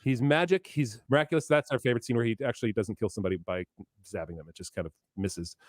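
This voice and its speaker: A man's voice: on the low side, fast talker, no room sound, studio quality. A man co-hosting a podcast, chatting casually and sarcastically about a show, laughing often and mimicking characters. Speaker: podcast co-host. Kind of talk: casual review chat.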